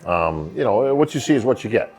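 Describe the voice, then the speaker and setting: A man in his fifties with a New York accent, telling stories as a podcast guest with a distinct, calming voice and plenty of "you know" asides. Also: medium pitch, a little fast, slightly rough. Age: 50s. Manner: rambling storyteller, many "you know" fillers. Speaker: bodybuilding emcee, guest. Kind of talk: casual podcast conversation.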